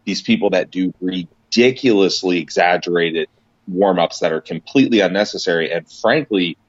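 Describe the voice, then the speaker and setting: Deep-voiced man on a fitness podcast. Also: moderate pace, no room sound, dull audio. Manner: rambling, emphatic, many restarts. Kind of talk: casual podcast chat.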